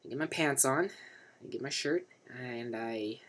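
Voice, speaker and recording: A man's voice: medium pitch, measured pace, a bit bright. A man voicing a sheepish, embarrassed young man who stammers and rambles through his story.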